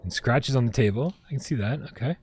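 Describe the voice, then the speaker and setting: A man's voice: medium pitch, a little fast, a little mellow, husky. A man streaming a video game, chatting casually and reading on-screen text aloud. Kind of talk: casual gameplay commentary.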